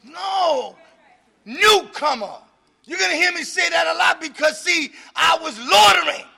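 A man testifies at a recovery meeting in a piercingly bright, high voice with a gravelly edge. He preaches more than he chats, often raising his voice to a shout for emphasis. He laughs between his points. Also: expressive, unhurried.

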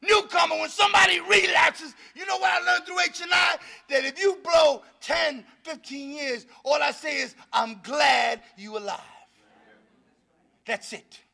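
This middle-aged man speaks to a recovery meeting with the force of a sermon. His voice sits unusually high and bright, with a gravelly edge. He shouts out to the room and laughs between points. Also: steady tone, normal speed, hardly any pauses, some chatter behind. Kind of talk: fiery preaching-style recovery talk.

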